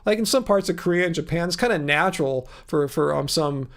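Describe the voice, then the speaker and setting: A man's voice: on the high side, animated, fairly quick, vocal fry, fairly bright tone. A man hosting a casual livestream, reading out viewer comments and musing aloud about them. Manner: chatty, musing aloud, trails off and restarts. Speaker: livestream host. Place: studio with colored lights.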